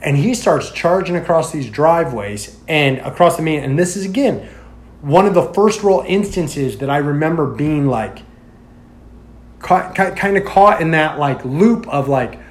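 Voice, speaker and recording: High-voiced man telling a story. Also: a little slow. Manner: animated storyteller, heavy use of "like", acts out quoted lines. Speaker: podcast guest telling a story. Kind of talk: casual chat.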